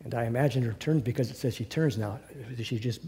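A man with a mellow, warm voice leads a Bible class for a small group in a meeting room. He retells scripture as a lively story and breaks into chuckles and asides. His pitch sits in the middle of the male range. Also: brisk. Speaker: Bible teacher.

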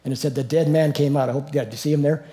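A man's voice: a little high, very fast. A middle-aged man teaching the Bible informally, reading verses aloud, commenting on them and chuckling as he goes. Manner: animated, chuckling, reads verses then comments.

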